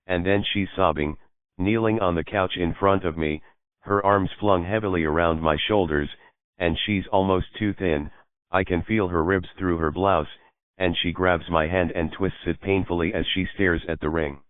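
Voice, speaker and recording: A man narrating a novel as an audiobook reader, in a steady storytelling manner. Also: low-pitched, moderate pace, dry recording. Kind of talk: scripted narration. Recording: narrow phone-like dry sound.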